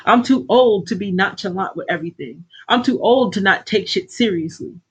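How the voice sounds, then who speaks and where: With hardly any pauses, a middle-aged woman coaches her livestream viewers in a husky, medium-pitched voice at normal speed. The casual pep talk is blunt, preachy and loaded with swearing, and the audio is poor.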